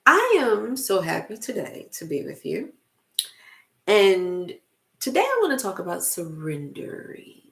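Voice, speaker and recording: A middle-aged woman who works as a motivational speaker and spiritual life coach gives a casual spiritual talk to camera. She is slow and emphatic, repeating phrases for effect, in a creaky, medium-pitched voice with wildly swooping pitch.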